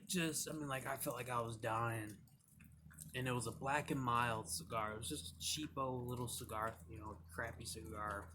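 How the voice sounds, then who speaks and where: A man's voice: mid-range voice, pushed and bright, slight background noise. A young man from Michigan reviewing cigars and telling loose stories, rambling with lots of "like" and "you know". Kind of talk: casual storytelling vlog.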